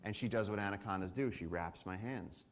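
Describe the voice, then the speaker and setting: A man giving a storytelling talk about wildlife on a summit stage to a live audience, animated and acting out the people he quotes. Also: fairly low pitch, brisk. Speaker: conservation speaker.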